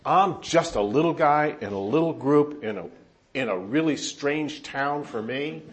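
A male pastor from Southern California preaching a sermon, telling animated stories with self-deprecating humor to a congregation. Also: fairly high pitch, a little slow.

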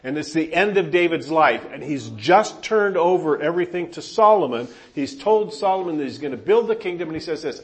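A male pastor from Southern California preaching a sermon, telling animated stories with self-deprecating humor to a congregation. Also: on the high side, fairly quick, few pauses.

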